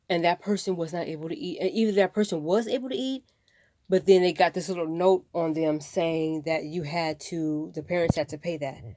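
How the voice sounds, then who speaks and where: A woman with a lowish, warm voice vlogs emotionally about something that upsets her, rambling with passion as she fights back tears. The recording is dry.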